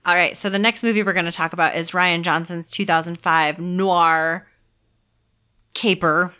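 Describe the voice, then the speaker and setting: A woman co-hosting a film podcast, with an enthusiastic and chatty delivery and frequent laughter. Her voice is bright and fairly low for a woman. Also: steady tone, moderate pace, clear, resonant tone. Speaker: podcast co-host. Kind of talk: casual film discussion.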